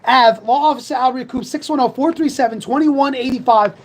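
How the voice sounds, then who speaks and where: A young man from hosting a sports talk show, rambling fast and reading sponsor plugs in a fired-up, casual way. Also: very high voice, poor audio.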